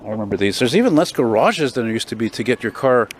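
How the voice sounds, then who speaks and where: An older man vlogging as he walks a city street, rambling and opinionated, a self-described loudmouth. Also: mid-range voice, expressive, quick pace. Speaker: walking vlogger. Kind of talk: casual walking commentary. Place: city street outdoors, walking. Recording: street noise behind.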